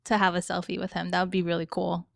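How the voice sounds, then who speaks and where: A woman's voice: fairly low pitch, monotone, quick pace, gravelly, no echo, studio quality. A woman in her thirties, chatting as a guest in a casual interview. She is bubbly and laughs often. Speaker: guest, business owner. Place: studio.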